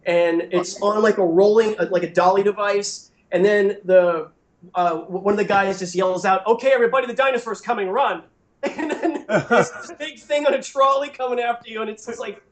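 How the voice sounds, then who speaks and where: A man with a high voice tells film-set stories as a podcast guest, acting out what other people said. He is from New Jersey and talks casually. His voice sounds roomy, with echo from the room around him. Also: moderate pace. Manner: animated storyteller who acts out quotes. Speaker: guest, creature effects studio owner.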